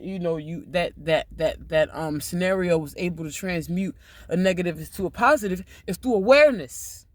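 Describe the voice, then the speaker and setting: High voiced guy ranting loud on a livestream, cussing a lot, dry close sound. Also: no echo. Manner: loud, profane, emphatic. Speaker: livestream host. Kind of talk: casual livestream talk.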